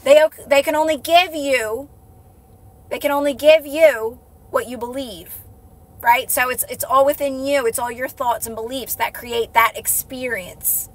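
A woman's voice: sits high, fairly even intonation, measured pace. A woman coaching her viewers on a casual live stream, earnest and repetitive, often checking in with "right?". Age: adult with a child. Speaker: manifestation coach. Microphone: phone.

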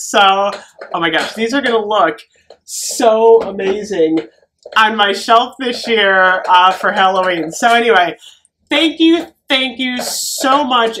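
A middle-aged woman from the United States, excitably unboxing gifts in a casual vlog, often gasping and giggling. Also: medium pitch, a little hiss or hum. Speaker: vlogger.

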